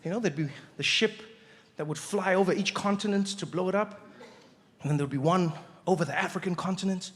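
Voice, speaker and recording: A man doing stand-up comedy, telling animated stories and jumping into character voices. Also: high voice, a little fast, big-room sound.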